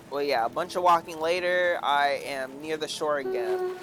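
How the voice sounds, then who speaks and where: A man's voice: on the high side, big pitch swings, moderate pace, music in the background. A man streaming a game, telling a rambling story in a casual way, tagging his sentences with "like" and "right?". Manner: rambling, with many "like" and "right?" tags. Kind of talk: casual storytelling while gaming.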